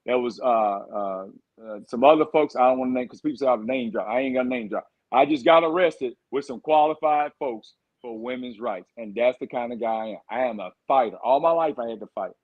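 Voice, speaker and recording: A man's voice: medium pitch, brisk, narrow, tinny audio. A man, a candidate for governor, giving fired-up, rambling answers in a podcast interview. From Texas. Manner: fired-up, rambling campaign talk.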